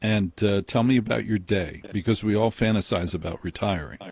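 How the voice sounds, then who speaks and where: A man hosting a late-night call-in radio show, speaking in measured, emphatic declarations. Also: on the low side, gravelly, darkish tone, husky, dry recording. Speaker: radio host. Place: radio studio.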